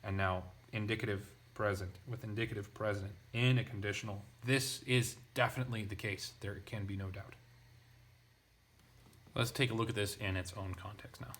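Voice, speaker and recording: Low-voiced man thinking aloud over Greek text. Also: steady tone, normal speed, a bit bright. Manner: thinking aloud, hesitant, many restarts and asides. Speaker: Greek language teacher. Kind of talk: casual lesson.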